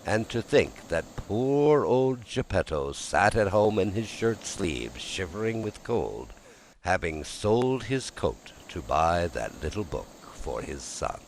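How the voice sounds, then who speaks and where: Man, audiobook narrator, very low voice, lively intonation, faint hiss. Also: slow pace, poor audio. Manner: expressive, lively storytelling.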